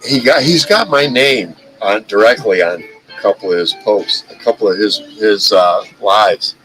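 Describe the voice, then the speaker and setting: A man's voice: lowish voice, unhurried, a bit bright, faint music behind, poor audio. A man hosting a live stream, talking in a heated, profane rant and often stumbling over and repeating his words. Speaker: livestream host.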